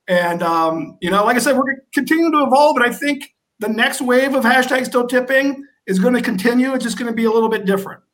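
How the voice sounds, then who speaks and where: A man, a guest in a casual live-stream interview, telling stories about his fundraiser in an animated, lively way. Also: very high-pitched, quick pace, few pauses, poor audio. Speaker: guest, organizer of a service-industry fundraiser.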